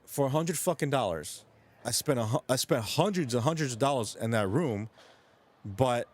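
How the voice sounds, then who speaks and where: A man rambles through a loose late-night chat with his stream viewers, cursing frequently, restarting sentences, and noting he's from New York. He speaks expressively at a moderate pace in a mid-range voice.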